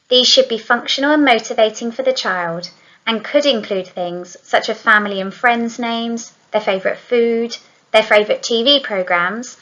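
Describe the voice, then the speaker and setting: Calm woman narrating a training video. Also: medium pitch, lo-fi sound. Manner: calm, measured, step-by-step explaining. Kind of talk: scripted instructional voice-over.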